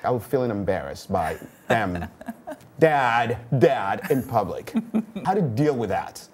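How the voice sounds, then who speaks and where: A man from the Democratic Republic of the Congo with a strong Congolese French accent, co-hosting a bilingual talk show in a playful, halting way with many fillers. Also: fairly low pitch, animated, darkish tone, slight background noise. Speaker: co-host.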